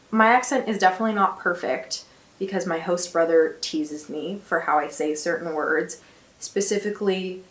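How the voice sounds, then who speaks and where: A woman's voice: lowish voice, reverberant. Chatty young American woman vlogging. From United States. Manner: chatty and upbeat, with quick laughs. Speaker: exchange student vlogger. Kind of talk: casual vlog chat. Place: small attic bedroom with slanted ceiling and beams.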